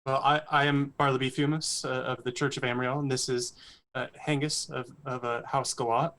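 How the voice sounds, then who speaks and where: A man's voice: medium pitch, little pitch movement, brisk, a bit bright, lightly acted. A man speaking in character as an earnest, diplomatic male cleric, hesitant and stammering with uhs and ums. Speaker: player. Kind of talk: in-character role-play.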